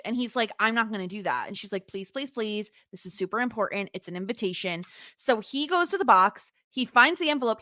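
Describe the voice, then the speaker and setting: A woman's voice: mid-range voice, bright, forceful tone, no room sound, studio quality. A woman co-hosting a podcast, casually recapping a TV episode and retelling scenes in an exasperated way. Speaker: podcast co-host.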